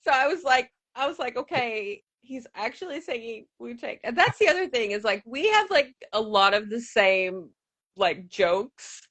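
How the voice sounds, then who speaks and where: A woman's voice: fairly high pitch, big pitch swings, normal speed, fairly bright tone, no echo. A woman in her thirties hosting a podcast, chatty and playful, with many "like" fillers. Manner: chatty, says "like" a lot, playful. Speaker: podcast host. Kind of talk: casual podcast chat.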